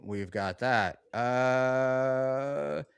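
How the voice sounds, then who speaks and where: Smooth-voiced male stream host. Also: medium pitch, very slow, dry recording. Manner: bossy, reads out donations. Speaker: podcast host. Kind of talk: casual live-stream chat.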